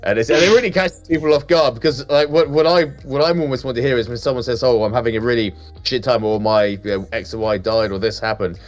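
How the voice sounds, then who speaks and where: A man's voice: medium pitch, fast, faint music behind. A man co-hosting a casual chat stream, blunt and emphatic, swearing freely. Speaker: stream co-host.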